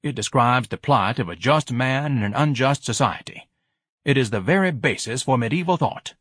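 Man voicing a haughty fussy big man, lofty formal diction, raised voice, swooping pitch, storybook reading. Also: lively intonation, normal speed, fairly bright tone, husky, dry recording, clean studio sound. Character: pompous huge fussy grown man vendor.

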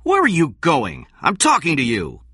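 A man voicing a scheming, insistent male company director who pushes hard and angers quickly, in a read story. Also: on the low side, wildly swooping pitch, a bit bright, dry recording, studio quality, pitched above the performer's own voice, full character voice. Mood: pushy.

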